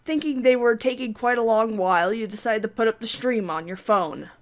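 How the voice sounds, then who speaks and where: Young woman gamer reading a game out loud, chatty and joking, kinda high voice. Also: fairly quick. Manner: chatty, self-mocking, laughs often. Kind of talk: let's play commentary and reading aloud.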